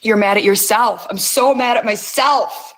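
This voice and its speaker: Slow-talking woman host, intense and coaxing, swears a lot. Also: a little high. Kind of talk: guided emotional release session.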